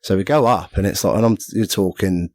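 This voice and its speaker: Rambling low-voiced man telling a story. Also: a little fast, a little mellow, no echo. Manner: rambling, self-mocking, acts out quoted voices. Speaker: podcast guest. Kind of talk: casual storytelling chat.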